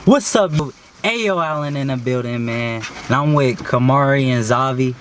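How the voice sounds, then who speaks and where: A man's voice: mid-range voice, normal speed. A young man casually hosting a mukbang vlog, talking in laid-back slang and laughing with his friends. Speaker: vlog host. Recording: loud background noise.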